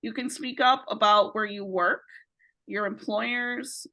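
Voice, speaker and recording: A woman's voice: on the high side, fairly even intonation, slow, sharp tone, low-quality recording. A woman leading a virtual training session, walking participants through questions with encouraging check-ins. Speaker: training facilitator. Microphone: video call.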